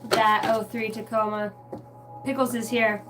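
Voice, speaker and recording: A woman reading tarot cards on a live stream in a chatty, casual way, greeting viewers by name and clearing her throat now and then. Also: fairly high pitch, flat delivery, a little slow. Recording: distant mic with music playing behind.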